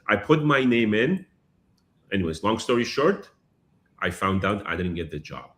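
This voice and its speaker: A man being interviewed, telling a personal story in a lively way and acting out what people said. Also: fairly low pitch, moderate pace. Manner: animated, acts out dialogue, repeats phrases. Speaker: guest.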